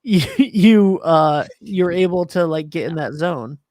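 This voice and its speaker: A man's voice: on the high side, expressive, measured pace, darkish tone, no echo, clean studio sound. A man hosting a podcast, rambling through casual chat with lots of fillers as he thinks aloud. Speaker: podcast host.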